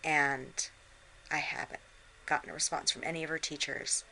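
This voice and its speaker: A middle-aged woman with a low yet bright, sharp-edged voice talks casually into a handheld camera while lying in bed. She sounds drained and unwell, and her words come out weary. A faint hiss sits under the recording. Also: steady tone, normal speed, rough recording. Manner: tired, drained, talking from bed. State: unwell and worn out. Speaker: vlogger. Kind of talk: casual vlog chat. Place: bedroom, in bed.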